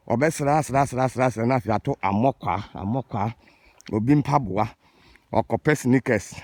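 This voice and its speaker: A man's voice: mid-range voice, darkish tone, dry recording. A man from Ghana with a Ghanaian accent, scolding and ranting in an exasperated casual monologue. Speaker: vlogger.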